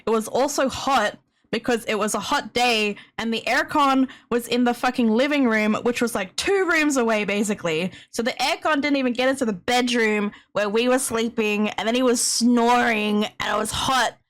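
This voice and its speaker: Streamer woman, young, swears a lot, grumbles and laughs through a rant to chat, voice a bit high. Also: normal speed, a bit bright. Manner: profane, grumbling, laughing often.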